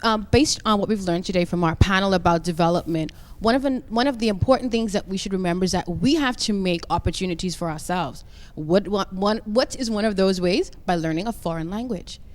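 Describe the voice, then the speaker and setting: A woman's voice: medium pitch, fairly quick. Upbeat woman language coach. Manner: upbeat, prompting the audience to repeat. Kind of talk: teaching a lesson on a youth TV show.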